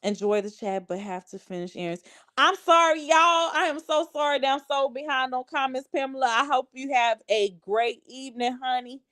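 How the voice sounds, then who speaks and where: A woman's voice: sits high, moderate pace, bright, forceful tone. Sassy congested woman on a livestream. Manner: sassy, talks straight to viewers, reads comments aloud. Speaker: livestream host. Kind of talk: casual live-chat commentary.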